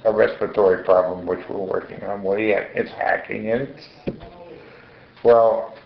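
Older man, low gravelly voice, halting and repetitive, muffled echoey room recording. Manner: halting, repeats words, trails off. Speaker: interviewee. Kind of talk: recorded interview at home. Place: front room of his home.

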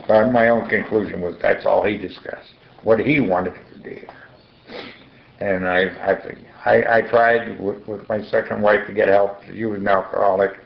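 An older man with a low, gravelly voice speaks in halting bursts, circling back over his own words. The recording is muffled and echoey, as if captured in a bare living room. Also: steady tone. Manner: halting, repeats words, trails off. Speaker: interviewee. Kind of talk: recorded interview at home. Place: front room of his home.

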